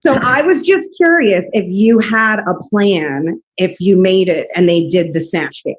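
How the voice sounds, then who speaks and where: A woman co-hosts an interview over a video call. She asks curious, friendly questions in a relaxed, chatty way. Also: mid-range voice, a little slow. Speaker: co-host. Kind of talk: casual interview chat.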